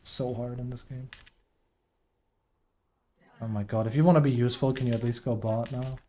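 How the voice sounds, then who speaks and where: A man's voice: mid-range voice, steady tone, moderate pace, warm tone. A man streaming a team game and commenting as he plays, often venting about a teammate and sometimes trailing off under his breath. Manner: frustrated, complaining about a teammate. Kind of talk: live gameplay commentary.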